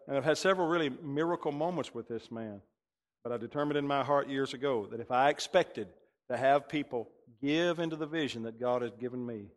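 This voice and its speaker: A man, a pastor telling a story in a sermon and acting out the dialogue with lively shifts of voice. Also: medium pitch. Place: church sanctuary. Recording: long reverb of a church hall.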